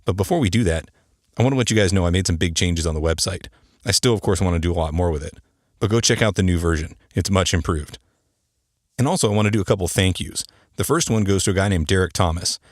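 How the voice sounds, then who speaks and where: A man's voice: sits low, fast talker, dry recording, studio quality. A man hosting his own podcast, chatty and joking, who works as an air traffic controller and explains the terms of his job to listeners. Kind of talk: casual podcast monologue.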